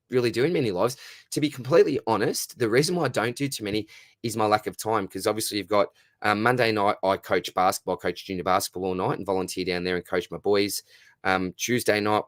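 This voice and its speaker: An Australian man, likely in his thirties, hosting a casual livestream and chatting warmly with viewers, often stumbling over and repeating his words. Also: fairly low pitch, dry recording, studio quality. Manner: warm, matey, repeats words, says mate constantly. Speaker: livestream host answering chat. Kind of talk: casual live-stream chat.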